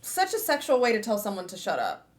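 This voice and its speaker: A woman co-hosting a casual book club stream, animated and teasing, reading out lines and laughing. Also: mid-range voice, fast. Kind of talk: casual chat.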